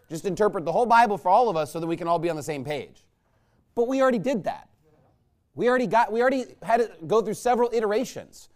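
A man preaching a sermon in a loose, conversational way, often checking with the congregation. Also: high-pitched. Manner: conversational, rambling, asks listeners "right?".

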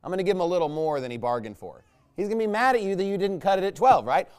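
A man delivers a sermon as if chatting with friends, rambling from point to point and often checking in with his listeners. His voice sits a little high for a man and comes across smooth and clean. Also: expressive, racing. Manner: conversational, rambling, asks listeners "right?". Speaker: preacher.

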